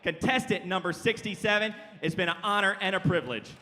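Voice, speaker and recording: A man working as an auctioneer contestant, calling bids in a rapid rhythmic chant on a convention stage. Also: high-pitched, long reverb tail, background noise. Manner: fast rhythmic bid calling. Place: large convention hall stage.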